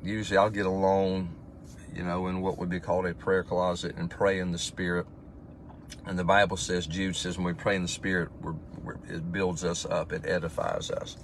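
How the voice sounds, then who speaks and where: A man's voice: sits low, level tone, moderate pace, a little hiss or hum. A man, a pastor, reading Bible verses with rising emphasis and then talking about them informally. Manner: reads scripture aloud with rising emphasis, then chats informally; conversational, with fillers and restarts. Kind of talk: devotional Bible teaching.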